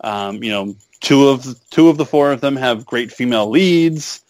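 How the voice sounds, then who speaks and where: A man's voice: mid-range voice, lively intonation, normal speed, a little mellow, no room sound. A man in casual chat, making joking, sarcastic asides.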